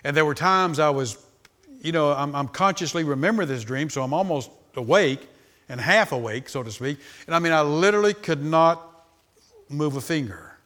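A man in his sixties preaching a sermon, telling stories that start low and soft and build to loud, high, animated peaks. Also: moderate pace. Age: 60s. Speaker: pastor. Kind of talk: sermon storytelling.

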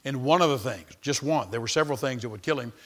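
A man's voice: medium pitch, fast talker, a bit bright. A man preaching a sermon, emphatic and repetitive, calling out to the congregation.

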